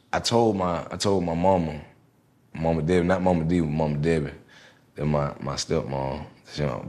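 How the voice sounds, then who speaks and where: A man telling a lively story in casual chat, acting out what others said. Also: low-pitched. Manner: animated storyteller, acts out quotes. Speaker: guest.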